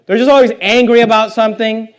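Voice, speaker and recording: A man's voice: high voice, fairly even intonation, quick pace. A man preaching a sermon in a conversational way, reading scripture aloud and putting questions to the congregation.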